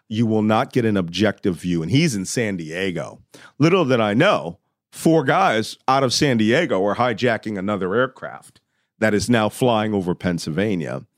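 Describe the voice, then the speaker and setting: Low-voiced man telling a story. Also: no echo, studio quality. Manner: vivid storytelling, shouts when reenacting. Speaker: guest telling a personal story. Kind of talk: animated storytelling.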